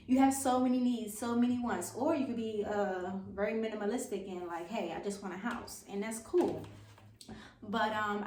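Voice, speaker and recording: A woman's voice: medium pitch, darkish tone, a little hiss or hum. A woman vlogging about buying a first home, giving informal, chatty advice in a self-deprecating way. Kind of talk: casual advice vlog. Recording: echoey room, mic at a distance.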